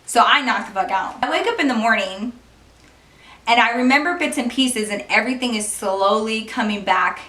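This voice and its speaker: A young woman vlogger telling a personal story in a casual, animated way, swearing and laughing often. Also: fairly high pitch, moderate pace. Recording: roomy, distant from the mic.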